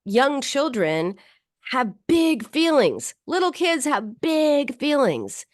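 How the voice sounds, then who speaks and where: A woman's voice: high voice, big pitch swings, slow, no echo, clean studio sound. A woman podcast host and psychotherapist explaining a client's case, often restarting her sentences with "you know.". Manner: explanatory, warm-paced storytelling with frequent "you know" and restarts. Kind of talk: radio podcast talk with client story.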